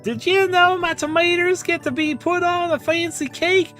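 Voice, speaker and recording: A man's voice: extremely high pitch, steady tone, moderate pace, fairly bright tone, soft background music, pitched above the performer's own voice. A man voicing a crude, rambling hillbilly tomato farmer with a put-on Southern drawl while streaming a game. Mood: folksy.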